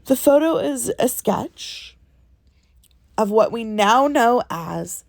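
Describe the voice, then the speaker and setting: A woman's voice: a little high, lively intonation, takes it slowly, vocal fry, no room sound, studio quality. A woman with a stuffy nose from a cold, co-hosting a casual podcast and walking through a timeline step by step, checking in often with "okay?" and "right?", recorded on a phone in a ship cabin. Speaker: podcast co-host.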